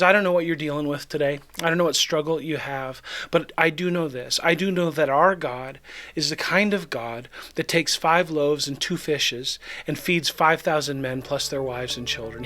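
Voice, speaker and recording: A man's voice: a little high, bright, forceful tone. Man giving a casual devotional. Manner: conversational, reads scripture then acts out the disciples. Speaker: pastor. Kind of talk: devotional Bible teaching.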